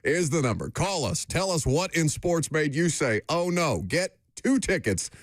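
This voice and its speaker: A man cohosting a sports radio show with a wry, dry wit, his voice in a middle register for a man but swinging widely in pitch. He sounds close to the mic in a dead studio. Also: big pitch swings, moderate pace, no echo. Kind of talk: casual radio banter.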